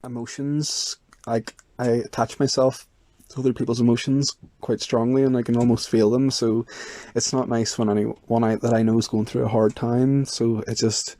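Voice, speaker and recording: A man's voice: medium pitch, no room sound. Young man, loose and chatty, voice-note delivery with a dry, close sound. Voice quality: soft, chatty with many fillers. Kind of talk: casual voice notes.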